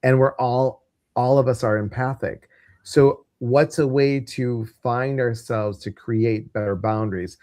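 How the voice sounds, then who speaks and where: A man's voice: medium pitch, steady tone, measured pace, darkish tone, dry recording, clean studio sound. A man with a Midwestern American accent hosting a casual live stream, chatty and rambling, with plenty of ums and uhs. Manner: chatty, rambling, many fillers. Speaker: host.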